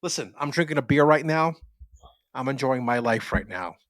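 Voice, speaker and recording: A man's voice: medium pitch, normal speed, no echo. A man co-hosting a podcast, telling rambling stories with lots of swearing. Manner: animated, profane storyteller. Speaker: podcast co-host. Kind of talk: casual chat.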